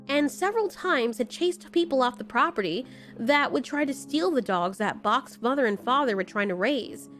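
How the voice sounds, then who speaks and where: Woman, horror story narrator, fairly high voice, measured pacing, soft music underneath. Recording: faint background music.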